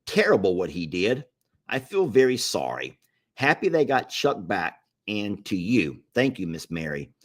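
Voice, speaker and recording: A man's voice: fairly low pitch, sing-song, unhurried. A middle-aged man hosting a casual livestream and reading viewer comments aloud, in an easygoing drawl. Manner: easygoing drawl, laughs easily. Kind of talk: casual live chat.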